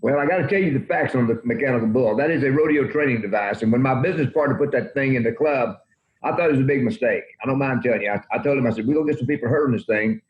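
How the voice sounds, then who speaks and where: In an interview, a man in his eighties appears as a country music guest and spins folksy, rambling anecdotes. His medium-pitched voice comes out rapid-fire, and the recording sounds roomy, dull, and lo-fi.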